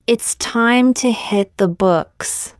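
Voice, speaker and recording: A woman reading short example sentences one by one for English learners, in a slow, deliberate, evenly paced way. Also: on the high side, no echo, studio quality. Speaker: English teacher.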